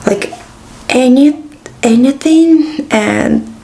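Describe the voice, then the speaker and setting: A woman's voice: high-pitched, extremely slow, warm tone. A tired woman in her thirties chatting casually to camera, rambling with sighs and exclamations. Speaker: vlogger.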